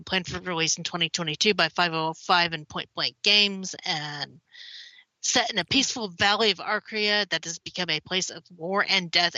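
Woman, podcast co-host, lower voice, bright edge, chatty news reading, dry close mic. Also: no room sound, poor audio. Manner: chatty, easily distracted. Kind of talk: casual chat.

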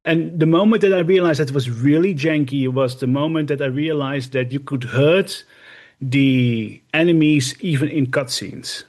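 Guy on a casual podcast, kinda high voice, rambles excitedly about games with lots of ums. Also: moderate pace. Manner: rambling, animated storytelling with fillers. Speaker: podcast co-host and streamer. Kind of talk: casual chat.

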